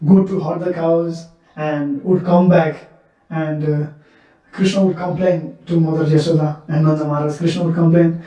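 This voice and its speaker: A man telling devotional stories in an earnest, repetitive sermon style. His voice is high but soft and mellow. He sounds distant, with heavy echo from a temple hall. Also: level tone, normal speed, highs cut off. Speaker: preacher. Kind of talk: sermon storytelling. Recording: echoey temple hall, mic far off.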